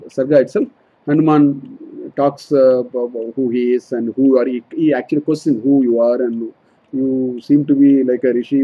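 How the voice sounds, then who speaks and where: A man's voice: on the high side, warm tone, breathy edge, muffled recording. A man teaching a scripture study class, explaining verses line by line and often repeating and correcting himself. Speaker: Vedanta teacher.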